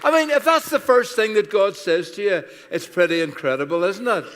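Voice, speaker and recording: With a high voice, lively intonation, and a brisk, fairly bright delivery, this sixty-something Irish guest pastor spins humorous, self-deprecating sermon stories. The recording picks up a reverberant church hall and slight background noise.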